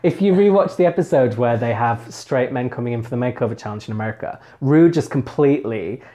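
A man's voice: medium pitch, expressive, brisk, mellow. A man from Huddersfield, England, co-hosting a podcast and chatting and gossiping about a TV episode with frequent laughter. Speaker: podcast co-host. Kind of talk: casual chat reviewing a TV episode.

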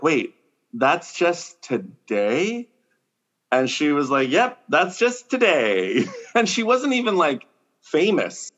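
A man chatting casually on a podcast as a comedian, acting out quoted lines in a higher voice. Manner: animated storyteller, acts out quotes in a raised pitch.

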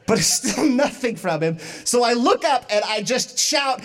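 A woman on stage doing stand-up, her voice leaping up and down as she tells a story. She laughs through her own lines and bursts into shouts for the punchlines, with a bright, high-pitched delivery. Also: expressive, normal speed. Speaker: stand-up comedian.

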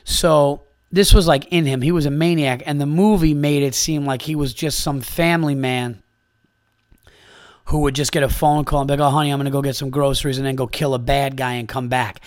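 A man's voice: a little high, steady tone, normal speed, dry recording, studio quality. A man from upstate New York hosting a comedy podcast in casual chat, rambling and profane, with lots of fillers.

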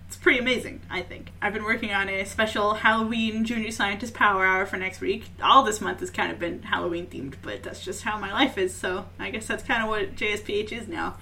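A woman's voice: mid-range voice, brisk, creaky, few pauses, slight background noise. A woman co-hosting a podcast, chatting casually and jokily, often laughing. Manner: animated, jokey, laughs often. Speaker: podcast co-host. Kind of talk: casual chat.

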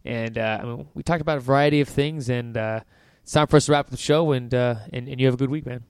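A man's voice: medium pitch, fast, clean tone, no room sound. A man co-hosting a soccer podcast, joking about himself and wrapping up the show. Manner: self-deprecating, joking. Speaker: podcast co-host. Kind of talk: casual chat.

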